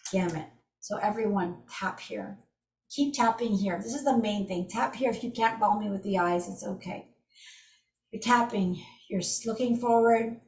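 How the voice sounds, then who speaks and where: Lively middle-aged woman leading a video-call workshop, in an echoey room. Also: medium pitch. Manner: animated, vivid, acts out strong emotions while demonstrating. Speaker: EFT tapping teacher. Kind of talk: live online workshop teaching. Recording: roomy and distant from the mic.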